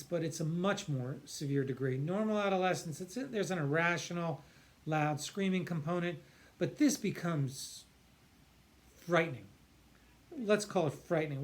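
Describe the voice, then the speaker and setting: A man, a psychiatrist, explaining earnestly and emphatically, stretching key words and often restarting his sentences. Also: on the high side. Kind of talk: explanatory talk to camera.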